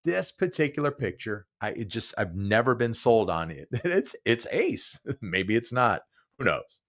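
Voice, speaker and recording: A man in his sixties rambles through his own solo podcast, chuckling often and restarting his sentences. His voice sits in the mid-range, very animated and a bit bright, at a measured pace.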